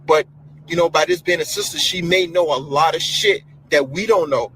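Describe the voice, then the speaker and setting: A man's voice: on the high side, normal speed, fairly bright tone, husky, poor audio. A man talking casually on a livestream, rambling and profane, repeating himself. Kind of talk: casual chat.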